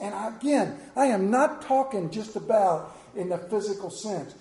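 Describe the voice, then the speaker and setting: High-voiced preacher in an echoey room. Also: male voice, normal speed, hardly any pauses, warm tone. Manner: storytelling preacher, rising and falling emphasis. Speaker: pastor. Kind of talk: sermon.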